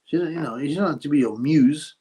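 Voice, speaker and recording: Talking fast in a slightly high, dark voice with a breathy edge, a British livestream host reads out viewer questions. His answers are blunt, crude and casual, typical of live-chat commentary.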